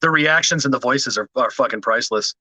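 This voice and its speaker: A man's voice: medium pitch, fairly quick, pushed and bright, dry recording, rough recording. A middle-aged man, chatting as a podcast host, swearing freely, laughing and rambling with restarts. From Washington DC area. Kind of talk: casual chat.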